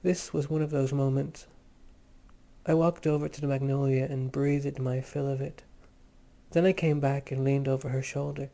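A man reading a literary story aloud in a measured, lyrical manner. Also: medium pitch, little pitch movement, vocal fry, warm tone. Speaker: audiobook narrator. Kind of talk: literary narration read aloud.

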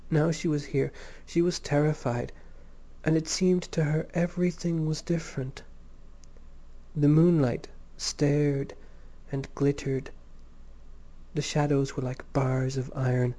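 Slow, mellow male storyteller. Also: a little high, fairly even intonation. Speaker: narrator. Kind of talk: scripted audiobook narration.

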